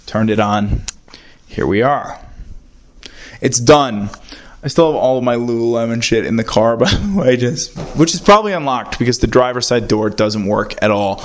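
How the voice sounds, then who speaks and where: A man's voice: medium pitch, normal speed. A young man hosting his own podcast, rambling and self-mocking as he talks into a handheld voice recorder indoors at a friend's house. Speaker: podcast host. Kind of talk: casual solo podcast rant.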